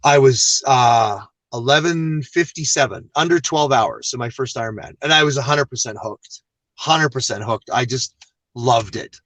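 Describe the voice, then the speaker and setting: A man, a guest on an interview show, telling a long personal story in a casual, animated and self-deprecating way. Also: medium pitch, moderate pace, dry recording.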